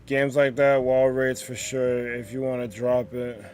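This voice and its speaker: A man's voice: mid-range voice, little pitch movement, measured pace, darkish tone, a little hiss or hum. Rambling male gaming streamer. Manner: rambling, many fillers and restarts. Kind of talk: casual gaming stream chat.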